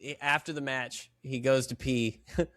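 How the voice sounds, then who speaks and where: A man's voice: mid-range voice, fairly even intonation, normal speed, a bit bright, dry recording, clean studio sound. Rambling man cracking crude jokes. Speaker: podcast co-host. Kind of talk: casual wrestling chat.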